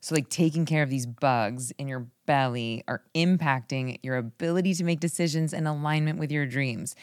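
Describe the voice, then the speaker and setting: A woman's voice: low voice, normal speed, darkish tone, smooth, dry recording, studio quality. A woman hosting a podcast interview, talking emphatically and persuasively and stacking up examples in lists. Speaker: podcast host. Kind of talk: conversational interview.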